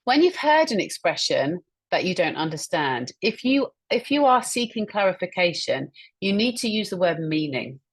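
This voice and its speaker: This webinar presenter, a communication trainer, has a lowish, slightly rough voice with big pitch swings and speaks at a normal pace. Teaching over a video call, she's encouraging and illustrates ideas with examples she echoes back.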